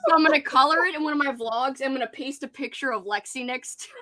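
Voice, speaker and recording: A woman's voice: sits high, quick pace, pushed and bright. A woman hosting a casual livestream hangout, chatty and giggly, reading out viewers' comments. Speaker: host. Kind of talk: casual livestream chat with guests.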